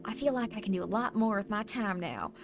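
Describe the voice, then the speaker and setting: A woman's voice: medium pitch, expressive, brisk. A woman streamer chatting casually with her audience in a rambling, playful, self-deprecating way. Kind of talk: casual livestream chat, reading chat messages. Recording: stream mix with music playing under the voice. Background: background music.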